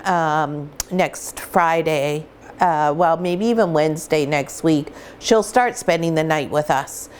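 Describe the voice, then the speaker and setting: A middle-aged woman, a dog breeder, casually explaining things in a home vlog, chatty and full of fillers and restarts. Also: sits low.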